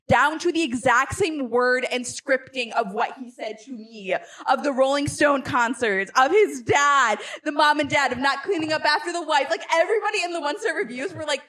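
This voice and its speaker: A young woman telling an animated story in casual chat, acting out the people she quotes and laughing often. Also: high voice.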